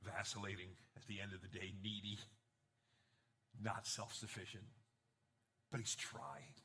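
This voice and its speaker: A man pastor preaching a sermon with an animated style, acting out quotes and joking with the congregation, swinging between quiet asides and loud bursts. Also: fairly low pitch, measured pace, creaky.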